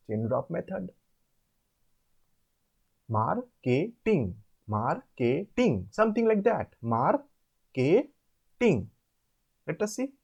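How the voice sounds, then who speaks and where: A man with an Indian English accent tutoring students through an English assignment, explaining step by step and repeating words slowly. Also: fairly high pitch, vocal fry, warm tone. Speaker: online course tutor. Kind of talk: assignment walkthrough lesson.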